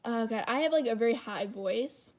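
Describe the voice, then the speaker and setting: Chatty high-voiced teen girl. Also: normal speed, background noise. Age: teens. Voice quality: high-pitched voice. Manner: rambling, chatty, self-deprecating. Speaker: channel host. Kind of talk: casual livestream chat while drawing.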